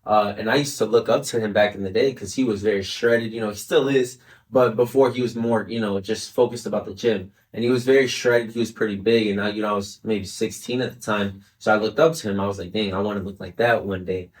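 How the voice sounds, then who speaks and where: Lower-voiced young man, earnest and chatty. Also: steady tone, brisk, distant mic. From Chicago area, United States. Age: 20s. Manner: earnest, fills speech with "right?" and "you know". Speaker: interview guest. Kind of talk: casual podcast interview.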